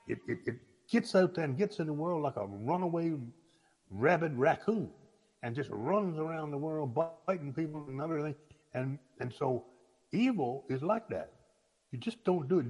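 Husky-voiced preacher in a reverberant hall. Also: male voice, a little high, a little mellow. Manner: folksy, halting with repeated restarts. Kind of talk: sermon.

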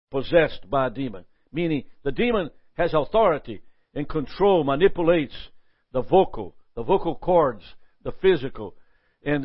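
A man teaching a Bible lesson in a lively sermon style, often asking "Amen?" and chuckling. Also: on the high side, no echo, dull audio.

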